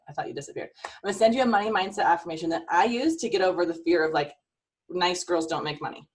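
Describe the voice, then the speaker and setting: A woman's voice: lowish voice, recorded from a distance. A middle-aged woman life coach giving an earnest, emotional, faith-filled pep talk to a team over a video call.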